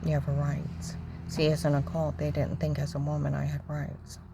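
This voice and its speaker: Low-pitched woman ranting on and on, keeps repeating herself, faint noise in the back. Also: monotone, moderate pace, creaky. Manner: agitated, repetitive, acts out other people's shouting. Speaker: storyteller recounting personal grievances. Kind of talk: rambling personal monologue.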